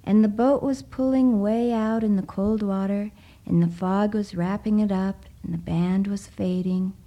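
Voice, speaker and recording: A woman narrates a story in a hushed, often whispered voice. She reads slowly and lingers over every phrase. Her tone is very dark and mellow. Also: medium pitch, steady tone, rough recording. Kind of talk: soft-spoken story reading.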